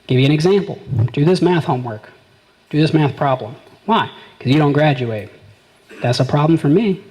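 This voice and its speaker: A man's voice: fairly high pitch, lively intonation, fairly quick, darkish tone, rough recording. A man performing a stand-up comedy set, telling stories with quoted back-and-forth exchanges. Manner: conversational storytelling with quoted exchanges. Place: small live venue.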